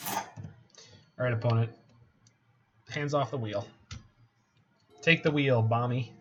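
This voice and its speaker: A man's voice: mid-range voice, steady tone, slow. Chatty Canadian man narrating his game. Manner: chatty, thinks out loud, jokes. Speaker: game streamer. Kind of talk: casual gameplay commentary. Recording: slightly muffled with faint hiss.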